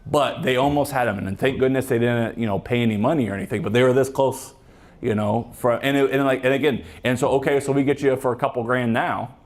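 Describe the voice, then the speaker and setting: This fast-talking man with a medium-pitched voice is a police officer chatting casually to a club. He rambles and jokes, restarting often and leaning on fillers, and mimics the voices of people he quotes.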